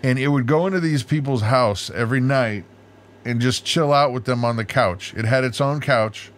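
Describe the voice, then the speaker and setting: A man's voice: medium pitch, normal speed. A man co-hosting a casual live chat, playful and joking as he tells stories. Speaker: co-host of a family homestead livestream.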